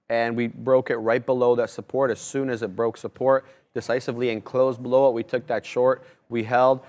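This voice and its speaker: A man co-hosting a live trading show, steadily explaining trades and chart setups. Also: medium pitch.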